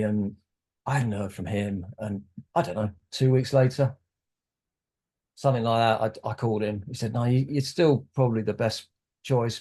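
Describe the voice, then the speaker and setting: Man, podcast guest, rambling anecdote, slightly low voice, acts out quotes. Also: warm tone. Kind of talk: casual conversational storytelling.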